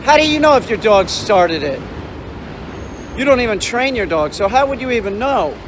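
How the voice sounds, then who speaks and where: A man's voice: high voice, sing-song, normal speed. A man, a dog trainer, ranting bluntly and swearing while out walking dogs on a city street. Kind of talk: casual vlog rant while walking dogs. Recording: street noise behind.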